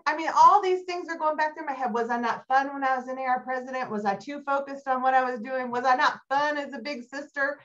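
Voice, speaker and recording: A middle-aged woman giving a motivational keynote talk, telling stories with animated energy and climbing high when excited. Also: fairly quick, hardly any pauses. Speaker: keynote speaker. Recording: dull lo-fi recording.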